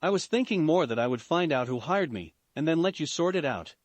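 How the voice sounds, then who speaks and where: A man voicing a calm young male assassin who speaks in a dry, matter-of-fact way. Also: a little high, fairly quick, no echo, lightly acted.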